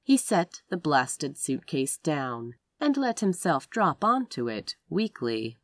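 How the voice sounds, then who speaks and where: A woman reading a romance story aloud as narrator, with expressive delivery. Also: takes it slowly, dry recording. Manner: expressive narration with wide pitch swings. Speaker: audiobook narrator.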